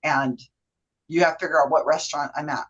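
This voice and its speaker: A woman's voice: low voice, fairly even intonation, fairly quick, breathy edge, muffled recording. A woman hosting a casual trivia game, chatty and self-deprecating, who laughs often and explains the rules loosely. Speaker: trivia host.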